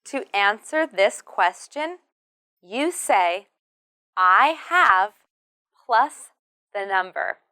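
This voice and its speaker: A woman teaching English pronunciation, speaking slowly and modelling each word with careful stress. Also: medium pitch, expressive, pushed and bright, smooth. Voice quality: careful, drawn-out modelling of words. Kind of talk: slow, clearly enunciated pronunciation lesson.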